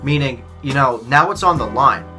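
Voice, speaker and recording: A man talks through a tennis match in a casual, chatty way, explaining each step as he goes. He keeps dropping "like" into his speech. Clear music plays underneath. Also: medium pitch, expressive, moderate pace. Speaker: video host reacting to a match. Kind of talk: casual commentary.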